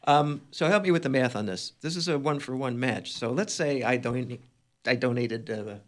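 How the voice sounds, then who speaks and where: A man hosting a lively radio game show from a small studio, bantering and joking with the players. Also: mid-range voice, normal speed. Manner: jokey, animated quizmaster. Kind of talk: playful live radio banter.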